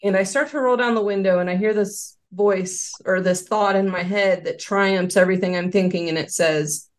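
A woman's voice: mid-range voice, fairly even intonation, normal speed. A woman guest on an interview podcast, earnestly recounting a personal story with many fillers. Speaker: interview guest, former quality control worker. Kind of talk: casual interview testimony.

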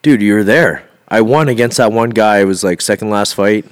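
A man's voice: fairly low pitch, brisk. A man co-hosting a podcast, chatting bluntly and launching into his own story in a casual chat. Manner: blunt, swearing, eager storyteller. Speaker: podcast co-host.

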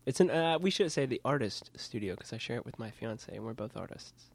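A man's voice: medium pitch, animated, fairly quick, no room sound. A man from Kansas, a puppeteer, chatting in his puppet studio in a self-deprecating way with frequent laughs. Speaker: puppeteer guest. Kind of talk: casual interview.

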